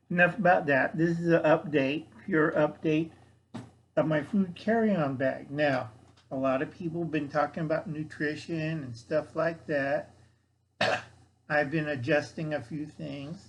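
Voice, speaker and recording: Older guy doing a show and tell vlog, slow folksy talk, calls everyone kids. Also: a little high, steady tone, a little hiss or hum, low-quality recording. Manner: folksy, talks to viewers as kids. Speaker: vlogger.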